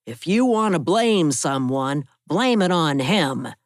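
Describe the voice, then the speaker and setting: A woman narrator voicing a pushy older male loan shark with a gravelly voice, in an audiobook. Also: deep voice, big pitch swings, slow, no echo, studio quality, voice pushed up, exaggerated voice. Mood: menacing.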